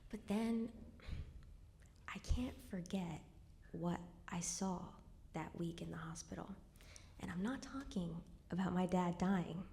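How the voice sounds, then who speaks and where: A woman's voice: lowish voice, unhurried, creaky, long pauses, dark tone. A young woman telling a true personal story live on stage at a cultural center, in a wry conversational way that drops to a near whisper at somber moments.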